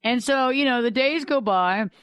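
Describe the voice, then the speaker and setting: A woman's voice: a little high, moderate pace, clean tone, no room sound, dull audio. Dry-voiced woman telling stories on radio. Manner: conversational, repeats "think about" to make points. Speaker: life coach and radio host. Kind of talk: storytelling talk-show monologue.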